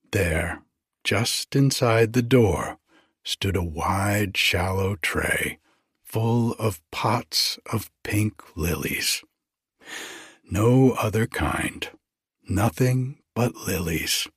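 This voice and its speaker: A man narrating a literary story aloud in a lyrical, unhurried audiobook style. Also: fairly low pitch, animated, fairly bright tone, slightly rough, no echo, clean studio sound.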